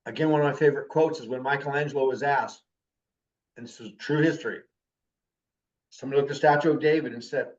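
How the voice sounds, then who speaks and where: A man's voice: mid-range voice, quick pace, pauses often, far from the mic, highs cut off. A man in his fifties giving a spoken class talk as a teacher, with an intense way of talking. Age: 50s. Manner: intense, animated talker.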